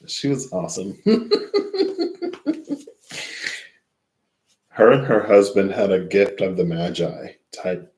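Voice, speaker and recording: A man's voice: sits low, vocal fry, darkish tone, reverberant. A sleepy man doing a casual tarot reading, reading from a guidebook and rambling as he thinks aloud. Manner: rambling, thinks aloud and loses track mid-sentence. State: sleepy, yawning. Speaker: tarot reader.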